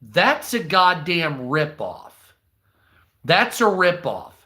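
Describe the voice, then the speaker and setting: A man's voice: high-pitched, big pitch swings, slow, sharp tone. A man from the United States giving heated, profane, rambling commentary on a live news stream.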